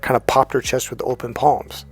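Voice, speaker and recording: A male dating coach tells a story in a profane, emphatic monologue, leaning on set phrases. His voice sits at an ordinary middle pitch, with faint music behind him. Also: level tone, moderate pace, husky. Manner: profane, emphatic, repeats "here's the deal".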